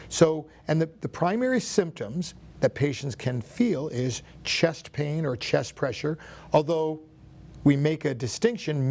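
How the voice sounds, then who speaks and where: A man who is a cardiologist, explaining heart disease in a studio interview in a measured way. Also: fairly high pitch, creaky, a little mellow. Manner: measured explaining, some restarts. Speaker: cardiologist guest.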